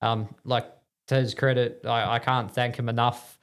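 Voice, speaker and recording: In a podcast studio, a speedway driver from New Zealand talks in a smooth, mid-range voice with a level tone and normal speed. His casual interview answers meander, leaning on fillers and self-deprecating humor.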